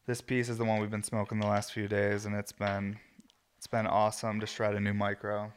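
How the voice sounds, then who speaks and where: A man's voice: on the low side, monotone, brisk, smooth. A young man hosting a casual talk show, chatting loosely with lots of fillers, restarts and self-interruptions. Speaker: host of a smoking video show. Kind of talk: casual chat.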